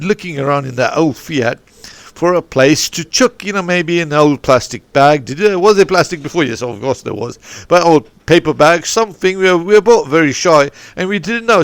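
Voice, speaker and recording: Speaking into a podcast microphone with no room sound, the sports academy's football and rugby coach sounds a little high and creaky. His anecdote wanders, restarting and drifting off on tangents.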